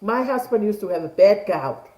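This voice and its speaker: A woman's voice: medium pitch, expressive, normal speed, darkish tone, reverberant, poor audio. A middle-aged woman, leading an online class and asking rhetorical questions that she answers herself. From Tonga. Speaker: class leader. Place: home room on a video call. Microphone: video call mic.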